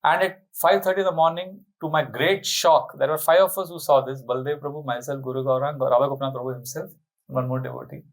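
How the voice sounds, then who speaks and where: A middle-aged man, a monk telling an animated, laughing anecdote as a spiritual talk. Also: mid-range voice, quick pace, low-quality recording. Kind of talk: storytelling sermon.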